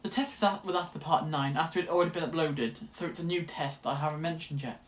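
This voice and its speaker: A man's voice: on the high side, fast talker. A young man, chatting casually to camera as a student vlogger, rambling and correcting himself as he goes. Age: late teens. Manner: chatty, rambling, often restarts and self-corrects. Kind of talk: casual vlog chat.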